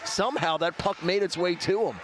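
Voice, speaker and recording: A man's voice: high-pitched, noisy background. Man calling hockey play-by-play. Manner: brisk, clipped play calls. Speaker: play-by-play commentator. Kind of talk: live play-by-play commentary.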